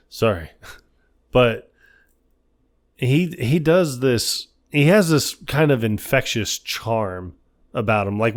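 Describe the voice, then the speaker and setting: A man co-hosting a movie podcast, casually retelling scenes and quoting the characters. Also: fairly low pitch. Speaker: podcast co-host.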